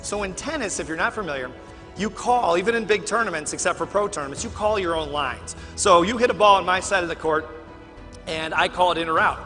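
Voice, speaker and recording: A man from Chicago giving a keynote speech, telling animated stories and acting out other people's lines in a large convention hall. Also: high voice, brisk, soft background music. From Chicago, USA. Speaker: keynote speaker.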